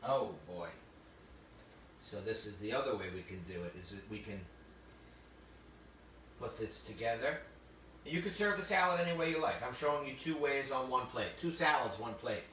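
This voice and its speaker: A man's voice: medium pitch, lively intonation, normal speed, long pauses, pushed and bright, a little hiss or hum. A man giving a live cooking demonstration, chatty and enthusiastic with frequent exclamations. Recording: roomy, distant mic with faint ambience.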